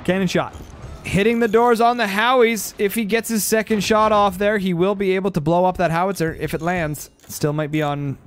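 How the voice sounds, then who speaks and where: Excitable high-voiced male game caster. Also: brisk, hardly any pauses, clear, resonant tone. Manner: excitable, bursts into loud exclamations at big plays. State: stuffy with post-nasal drip. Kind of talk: play-by-play game commentary.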